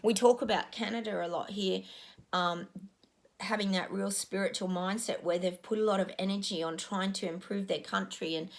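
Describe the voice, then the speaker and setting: A woman's voice: mid-range voice, steady tone, moderate pace, vocal fry. A middle-aged woman talking casually to her viewers, rambling and earnest with lots of ums. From Australia. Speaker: psychic giving predictions.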